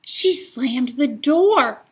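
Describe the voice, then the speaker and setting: A woman's voice: high-pitched, expressive, extremely slow, exaggerated voice. A woman reading the lines of a frustrated young boy who whines and complains. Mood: whiny. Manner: whiny, complaining.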